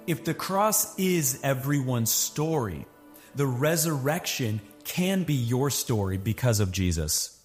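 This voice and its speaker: A man's voice: medium pitch, animated, takes it slowly, faint music behind. A man, a pastor, speaking in an encouraging, earnest way in a conversational sermon.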